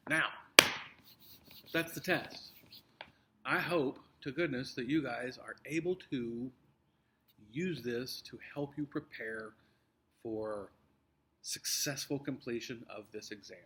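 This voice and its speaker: A man's voice: medium pitch, a bit bright. Patient man teacher reviewing a test. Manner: halting, many fillers and restarts, patient explaining. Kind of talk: recorded test review for students.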